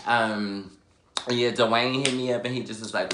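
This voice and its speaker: A young man vlogging, telling a personal story in a sassy, animated, dramatic way. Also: medium pitch, a little slow. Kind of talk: casual storytelling. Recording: echoey room, faint background noise.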